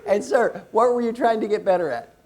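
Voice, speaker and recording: A man with a fairly high but mellow voice coaches a room full of people in a lively workshop. He is animated and playful, swinging from low, confiding remarks to loud calls that rally the crowd. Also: a little fast, a little hiss or hum. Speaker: executive coach leading a workshop. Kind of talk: lively workshop talk to a live audience.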